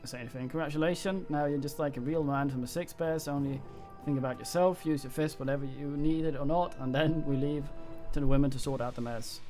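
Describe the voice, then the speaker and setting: A man's voice: on the high side, brisk, hardly any pauses, soft background music, close to an everyday voice. A man voicing a resentful female tribal advisor from a game, reading the dialogue aloud in his own plain voice with small stumbles. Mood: reproachful. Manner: reads dialogue aloud flatly, stumbles on words.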